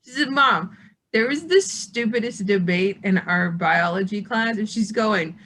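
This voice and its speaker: A middle-aged woman and parent telling lively stories with lots of laughter in a casual video-call chat. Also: mid-range voice, normal speed.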